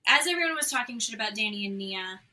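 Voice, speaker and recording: On a low-quality recording, a woman with a fairly high, quick voice co-hosts a casual podcast about reality TV. She's blunt and curses often, mimicking other people's quotes as she retells events.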